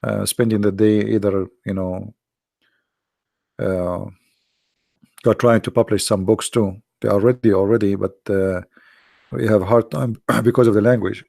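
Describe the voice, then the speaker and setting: Hoarse gravelly man chatting on a livestream. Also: fairly low pitch, steady tone, unhurried, long pauses, darkish tone, no room sound, studio quality. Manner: teasing, laughs often, answers viewer questions. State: hoarse, voice strained and coughing. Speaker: livestream host answering chat. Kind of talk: casual livestream chat. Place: at home behind a computer.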